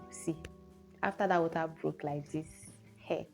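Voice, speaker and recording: Young nigerian woman, storytime vlogger, lowish voice, animated telling, faint guitar music behind. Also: unhurried, creaky. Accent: Nigerian English. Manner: animated storyteller, exclamations like oh and hey. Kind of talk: storytime vlog.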